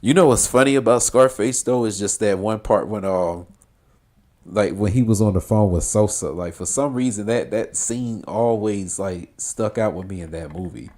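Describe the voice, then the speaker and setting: Low-voiced rambling game streamer man. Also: moderate pace, a little mellow. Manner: rambling, filler-heavy, laughs easily, swears. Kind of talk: casual gameplay commentary.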